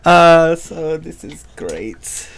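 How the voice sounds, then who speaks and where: A man playing a tabletop game, excitable and playful, laughing and shouting at good rolls. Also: fairly high pitch, drawn-out words, slight background noise. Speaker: player.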